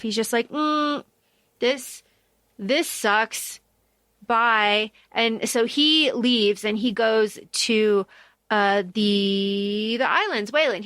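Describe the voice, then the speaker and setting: A woman's voice: medium pitch, fairly bright tone, dry recording. A woman co-hosting a podcast, chatting casually about a book with lots of fillers, quoted asides and casual swearing. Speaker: podcast co-host.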